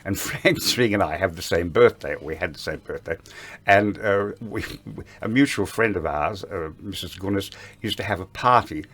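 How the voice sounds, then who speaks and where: A man's voice: sits low, normal speed, a bit bright. An older man, a veteran stage performer, tells anecdotes in an interview, chuckling and acting out the lines he quotes. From Australia. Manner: chuckling storyteller who acts out quoted lines.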